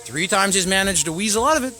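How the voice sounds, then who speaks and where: A man, hosting his own show and ranting angrily to camera, profane, swinging between shouting and muttering. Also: sits high, animated, fast, soft background music. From Canada. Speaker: show host. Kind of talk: angry political rant to camera.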